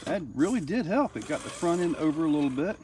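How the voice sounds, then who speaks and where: Excitable man filming outdoors, distant mic. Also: fairly high pitch, quick pace, noisy background. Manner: chatty, excitable, laughs often. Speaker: RC hobby reviewer. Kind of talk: casual outdoor commentary while driving. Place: outdoors on a rock trail.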